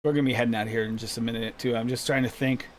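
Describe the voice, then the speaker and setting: A man's voice: medium pitch, steady tone, rapid-fire. A man hosting a live stream, chatting casually in a rambling, laid-back way. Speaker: host of a DIY mixing show.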